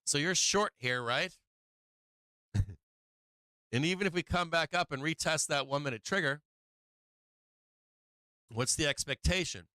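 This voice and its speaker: A man's voice: on the high side, unhurried, long pauses, pushed and bright, clear, resonant tone, dry recording. A man hosting a live trading stream, talking casually and profanely through charts, his voice strained and tiring. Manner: profane, chatty, laughing while watching charts. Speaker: livestream trading host.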